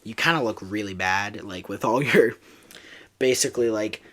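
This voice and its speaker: A man voicing a scheming male villain clown who taunts his captive in a low, quiet voice while retelling a story. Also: moderate pace, close to an everyday voice. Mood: taunting.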